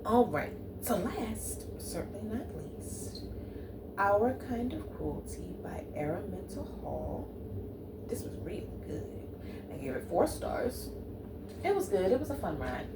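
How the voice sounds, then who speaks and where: A woman's voice: medium pitch, wildly swooping pitch, unhurried, heavy background noise. A woman book vlogger in casual, chatty talk with sassy asides, at home. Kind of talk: casual chat.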